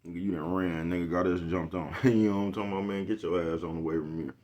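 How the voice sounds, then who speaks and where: Speaking quickly in a low-pitched, slightly mellow voice with fairly even intonation, a young vlogger rambles through a casual monologue. He often laughs, swears heavily, uses crude slang, and keeps asking "you know what I'm talking about".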